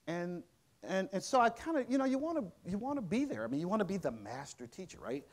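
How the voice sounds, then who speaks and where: A middle-aged man giving a public lecture, telling a story in a conversational, halting way with many restarts and fillers. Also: sits high, sing-song.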